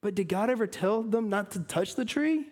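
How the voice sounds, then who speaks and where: A male pastor preaching with a high, bright voice, earnest and building his points, then letting phrases sink to a near hush. His delivery swings widely in pitch and loudness. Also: animated, moderate pace. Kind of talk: sermon.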